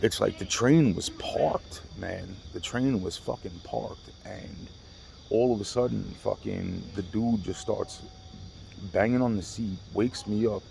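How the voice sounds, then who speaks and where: A man's voice: on the low side, measured pace, creaky, dark tone, a little hiss or hum. A man telling rambling, profane stories to his camera in a casual vlog, repeating himself and restarting often. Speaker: vlogger.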